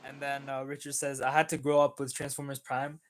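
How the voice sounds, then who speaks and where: A man's voice: medium pitch, level tone, brisk, rough recording. Easygoing young man reading chat. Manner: easygoing, hesitant, many fillers. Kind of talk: casual livestream chat.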